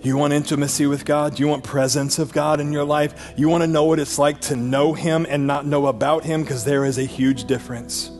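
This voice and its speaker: A man preaching a sermon as pastor, animated, swinging between loud bursts and low, intimate passages. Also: fairly quick, hardly any pauses, soft background music.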